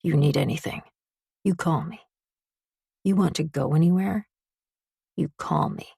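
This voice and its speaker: Woman voicing a gravelly, curt mafia man. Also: low voice, a little slow, dark tone, dry recording, studio quality, heavily acted. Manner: curt and commanding. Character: brusque tattooed male mafia lover.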